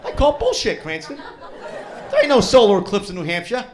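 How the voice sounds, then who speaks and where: A man's voice: high-pitched, huge pitch swings, normal speed. A man doing a profane stand-up set, teasing the crowd in a comedy club. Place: comedy club before a live audience.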